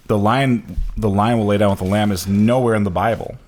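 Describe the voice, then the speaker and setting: Male co-host, lowish voice, casual and eager. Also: fairly even intonation, fairly quick, few pauses. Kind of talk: casual podcast chat.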